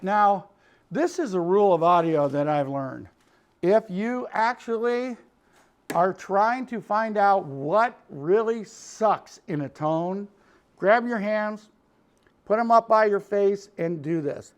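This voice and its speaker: A man's voice: high-pitched, expressive, takes it slowly. A middle-aged man with a Chicago accent, a studio producer giving a folksy, hands-on demonstration of guitar tone. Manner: folksy, calls people "Mister". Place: recording studio.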